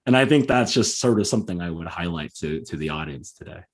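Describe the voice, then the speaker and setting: A man's voice: sits low, animated, quick pace. Earnest man, emphatic podcast guest. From Southern California. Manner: earnest, emphatic, with many fillers. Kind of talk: conversational interview.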